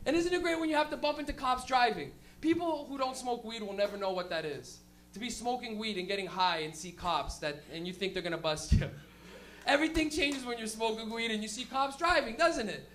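A stand-up comedian doing a live set, rowdy and profane, breaking into loud shouted impressions. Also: mid-range voice, animated, a little fast, slight background noise.

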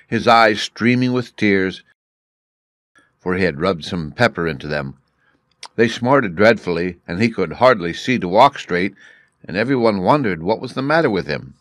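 A man narrating a story for English learners in a clear, measured way. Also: fairly low pitch, expressive, fairly bright tone, no echo, studio quality.

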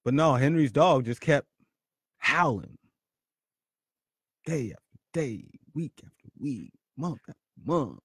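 A man hosting his own podcast, telling a story in a punchy, animated way and often repeating words. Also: mid-range voice, slow, long pauses, slightly rough, no room sound, studio quality. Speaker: podcast host. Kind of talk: storytelling monologue.

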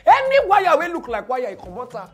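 A woman with a Nigerian Pidgin accent, hosting a podcast and telling an event story with hushed asides and loud outbursts. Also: high voice, fairly quick, soft background music. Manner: animated, swings from hushed asides to loud exclaims. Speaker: podcast host.

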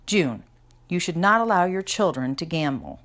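Woman reader playing a stern old granny; low, slow, dramatic, disapproving storybook voice. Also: sing-song, a bit bright.

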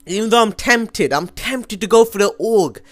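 A young man giving live commentary over his own gameplay, excitable, switching between mumbled asides and sudden yells. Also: sits high, moderate pace, dry recording. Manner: excitable, swings from mumbling to yelling. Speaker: gaming commentator. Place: home room.

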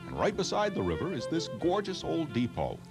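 A man's voice: on the high side, wildly swooping pitch, brisk, creaky, music in the background. A man with a New England accent hosting a travel show on location, talking with enthusiasm and lots of exclamations. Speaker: host. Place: outdoors on location.

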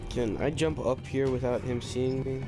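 A man giving let's-play commentary, excitable and full of swearing and rambling asides. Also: medium pitch, normal speed. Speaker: gamer. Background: game music.

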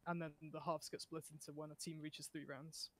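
A man who is a guest player chats on a live stream. His voice is a bit high for a man, and his manner is relaxed as he explains things with the odd filler. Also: moderate pace. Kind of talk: casual live-stream chat.

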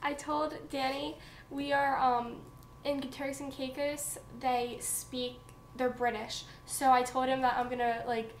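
A young woman with a South Jersey accent chats to her camera in a casual vlog. Her voice sits high, and she talks in a bubbly, giggly way. Faint noise hums behind her. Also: little pitch movement, a little slow. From New Jersey, USA. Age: young adult. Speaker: vlogger.

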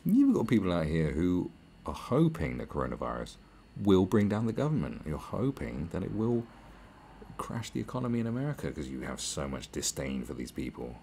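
A man's voice: sits low, wildly swooping pitch, brisk, vocal fry, dark tone, slight background noise. A British man hosting a podcast, delivering a sarcastic, profane rant. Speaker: podcast host. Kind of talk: podcast monologue.

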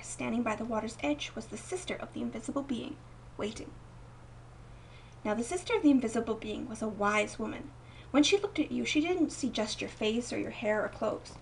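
A young woman reading a picture book aloud at home, gentle and expressive, softening her voice for quieter moments. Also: on the high side, vocal fry, recorded from a distance, a little hiss or hum, low-quality recording. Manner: gentle, expressive read-aloud with soft dips for quoted lines. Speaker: storybook reader.

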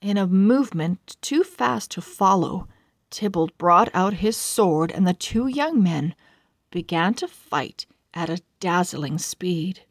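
A woman reading a children's storybook aloud in a calm, measured way. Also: lowish voice, no echo, clean studio sound. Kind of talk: children's book read-aloud.

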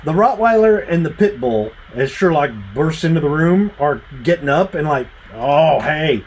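A man running a tabletop game as game master, narrating with animated storytelling and sound effects. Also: fairly high pitch, normal speed, slight background noise, rough recording.

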